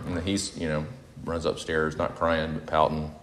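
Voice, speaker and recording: Deep-voiced pastor in a reverberant hall. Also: male voice, fairly even intonation, moderate pace, slight background noise. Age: 40s. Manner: reflective, confessional, conversational with self-corrections. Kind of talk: sermon.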